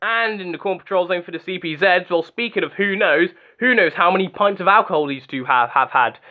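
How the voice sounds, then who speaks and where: A man's voice: high-pitched, fairly quick. A young man giving casual, joking fan commentary on robot fights. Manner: joking, chatty, excitable asides. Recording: slightly dull lo-fi sound with music behind.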